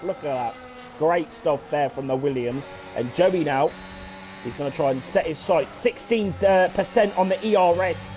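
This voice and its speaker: A man commentating a live sim racing league, excitable and sweary, building up to shouting as cars battle for position. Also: sits high, slight background noise. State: out of breath.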